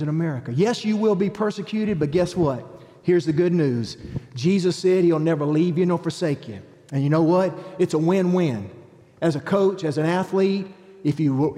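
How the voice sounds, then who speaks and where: A middle-aged man preaching a testimony, telling his story in an animated way and acting out what people said. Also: a little high, in a large hall. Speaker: evangelist.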